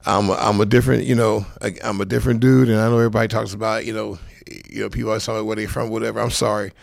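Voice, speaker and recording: A man's voice: fairly low pitch, level tone, rapid-fire, creaky, no echo. A man from South Central Los Angeles, a football coach telling rambling stories with lots of fillers and street slang in a casual interview. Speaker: high school football coach, guest.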